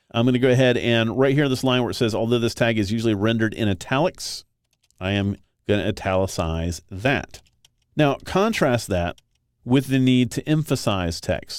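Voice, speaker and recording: A man teaching web design in a relaxed, conversational screen-recorded tutorial. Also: on the low side, no room sound, studio quality.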